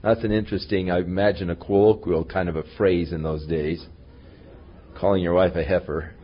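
A man teaching a Bible study, retelling a story in a lively, conversational way with dry asides, on a dull lo-fi recording. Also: deep voice, fairly quick, breathy edge.

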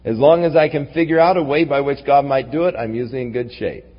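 A man preaching to a congregation, his voice rising on stressed points and dropping low and soft on asides. He is recorded with a dull, muffled sound. A long reverb fills the large hall around him. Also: fairly even intonation, fast talker. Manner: preaching with wide swings from raised emphasis to low, quiet asides. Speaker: pastor. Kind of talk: sermon.

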